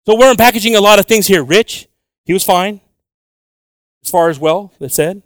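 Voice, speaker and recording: A man's voice: high voice, moderate pace, dry recording. A man preaching a bilingual sermon, switching between Spanish and English with joking asides.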